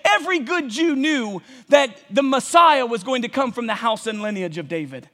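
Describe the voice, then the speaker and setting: A man preaches with fervor in a very high, bright, forceful voice, building to shouts and checking in with his listeners. His sermon rings through a church sanctuary with a long reverb trailing each phrase. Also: expressive, normal speed. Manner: impassioned preaching, rising to shouts, calls to the congregation. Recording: long reverb of a large hall.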